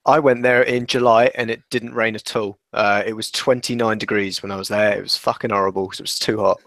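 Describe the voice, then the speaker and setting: Low-voiced, laid-back podcast guest. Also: male voice, steady tone, brisk, gravelly, a bit bright, dry recording. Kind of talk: casual podcast chat.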